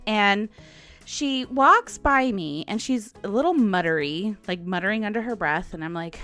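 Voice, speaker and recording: A woman in her forties tells a rambling story on her podcast, laughing between lines and acting out what people said. Her voice swings up and down constantly. Soft music plays faintly behind her. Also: medium pitch, moderate pace. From United States. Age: 40s. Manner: animated, chatty, laughs often, acts out quotes. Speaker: podcast host. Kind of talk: casual storytelling monologue.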